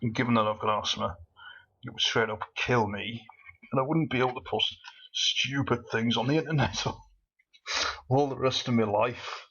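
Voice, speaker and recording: A man's voice: mid-range voice, fairly even intonation, normal speed, pauses often, bright, forceful tone, breathy edge, muffled recording. A man doing casual gameplay commentary with a cold, rambling in a manic way and laughing often. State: has a cold. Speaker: let's play commentator.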